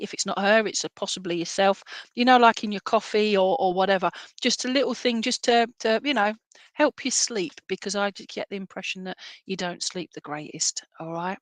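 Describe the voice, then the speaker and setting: A British woman working as a medium gently relays a message from a spirit, frequently checking in with "all right?" and "okay?". Her voice is mid-range, and the recording is dry.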